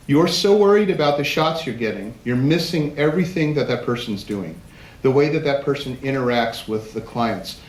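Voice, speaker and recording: Man telling stories in a roomy hall. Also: medium pitch. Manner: animated anecdotes, acting out quotes of others. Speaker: speaker giving a platform presentation. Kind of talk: storytelling talk to a live audience. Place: large event hall. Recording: roomy hall with faint noise.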